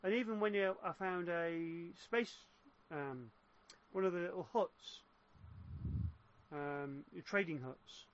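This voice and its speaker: A man's voice: high voice, slow. A man chatting casually about games, explaining at length with frequent restarts. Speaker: gamer in casual chat. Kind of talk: casual chat. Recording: muffled lo-fi voice chat.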